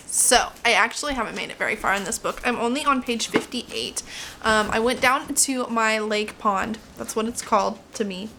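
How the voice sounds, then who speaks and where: A young woman with a fairly high, bright, forceful voice chats casually at home for her reading vlog, laughing often and poking fun at herself. She sits at a kitchen table by a window while a washer and dryer run nearby, and there's a slight hiss or hum on the audio.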